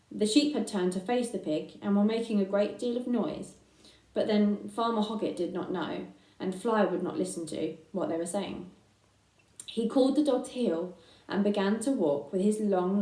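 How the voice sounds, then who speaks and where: A woman reading a children's book aloud in an unhurried way, with fillers between phrases. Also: mid-range voice, warm tone, recorded from a distance. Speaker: reader. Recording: echoey room, voice from afar.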